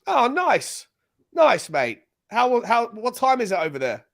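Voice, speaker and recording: A man's voice: very high voice, wildly swooping pitch, a little slow, creaky. Chatty British man hosting a live watchalong. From Britain. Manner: chatty, loose, restarts sentences often. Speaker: host. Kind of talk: casual live watchalong chat.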